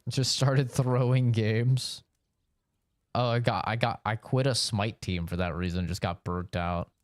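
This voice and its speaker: A man's voice: low-pitched, normal speed, smooth, no echo, clean studio sound. A man live-streaming a game, chatting loosely with his chat, rambling and swearing freely. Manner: rambling, profane, answers chat with frequent "you know". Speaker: gaming streamer.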